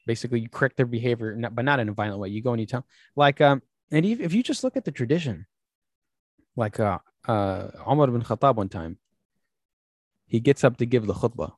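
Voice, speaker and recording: A man's voice: mid-range voice, a little fast, no echo, clean studio sound. A man hosting a casual podcast, telling stories with lots of fillers and acting out quoted speech. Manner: animated storyteller, acts out quoted speech; many fillers and restarts. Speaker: podcast host.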